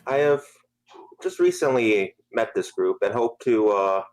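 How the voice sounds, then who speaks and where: A man doing a low, formal, earnest new fighter. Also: expressive, unhurried. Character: earnest male kicking fighter, newcomer.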